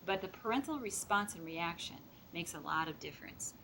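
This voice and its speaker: A woman's voice: lowish voice, expressive, fairly quick, creaky, sharp tone, a little hiss or hum, rough recording. A woman giving a lecture on childhood trauma to an audience, speaking plainly and emphatically with vivid examples. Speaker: child mental health trainer. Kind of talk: training lecture.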